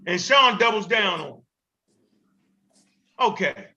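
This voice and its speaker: A man hosting a show, giving heated commentary in an animated, emphatic and profane way, often repeating himself. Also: high voice, takes it slowly, a crowd in the background. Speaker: host. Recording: dull lo-fi recording.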